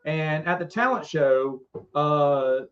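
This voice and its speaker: A middle-aged man telling rambling, animated stories as a podcast co-host in casual chat. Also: a little high, slow. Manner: rambling, animated, frequent restarts. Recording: dull lo-fi sound.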